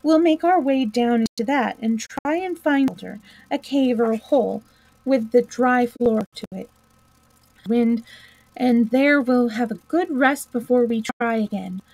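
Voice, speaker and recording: A woman voicing a bustling, practical male water rat who talks briskly and emphatically. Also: fairly high pitch, darkish tone, low-quality recording. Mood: coaxing.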